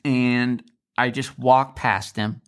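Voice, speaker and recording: A man in a relaxed podcast conversation, telling his story in an easy, mid-pitched voice. He slips into quoted lines to act out what others said, keeping a casual, conversational flow. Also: slow pace, smooth. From Alaska. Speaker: podcast co-host.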